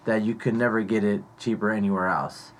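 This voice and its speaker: A man's voice: on the low side, steady tone, brisk. A man in his thirties co-hosting a casual podcast, joking and rambling, swearing casually. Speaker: podcast co-host. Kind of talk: casual chat. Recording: faint background noise.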